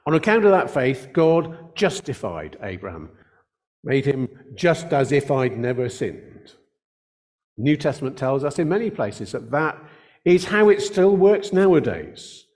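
An older man preaching a sermon, earnest in tone, slowing down to stress key words. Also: mid-range voice, sing-song, a little mellow. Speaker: pastor.

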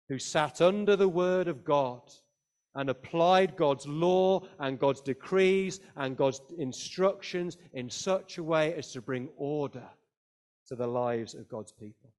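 A man preaching a sermon, reading scripture aloud and explaining it with deliberate emphasis. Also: on the high side, darkish tone. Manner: slow, deliberate expository preaching with emphatic rises.

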